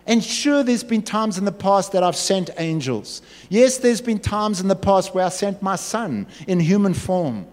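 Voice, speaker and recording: A man voicing God as a casual, chatty figure who looks for a volunteer, with a lively voice in an echoey hall. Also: high-pitched. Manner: casual, conversational.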